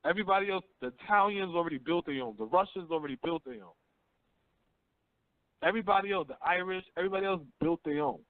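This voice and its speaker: A man's voice: high voice, fast talker, no echo. A man hosting a call-in talk radio show, telling blunt, slangy stories and asking rhetorical questions. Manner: blunt, slangy storytelling, often asks "you see what I'm saying?". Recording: tinny phone line.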